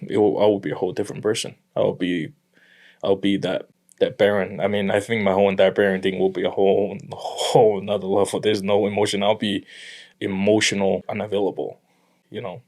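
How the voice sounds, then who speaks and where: A young man from Tonga talking earnestly about his family in a conversation, with halting restarts. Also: lowish voice, little pitch movement, darkish tone. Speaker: guest. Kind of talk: emotional personal conversation.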